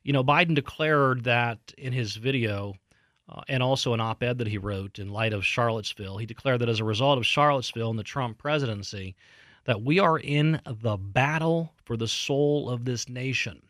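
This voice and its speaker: A man's voice: mid-range voice, moderate pace, fairly bright tone, dry recording, studio quality. A man hosting a political talk show, giving an indignant, emphatic commentary monologue with frequent fillers and restarts.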